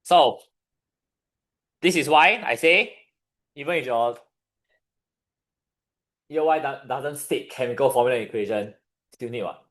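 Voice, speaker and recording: Running a chemistry revision class, this tutor speaks with a Singaporean English accent and a slightly bright, mid-range voice. He quizzes the class throughout, stopping to wait for answers.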